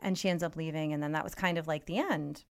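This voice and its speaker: This podcast co-host, a young woman with a deep, clear, resonant voice, talks fast as she tells a story in casual chat. She's an animated storyteller who curses freely and acts out what others said.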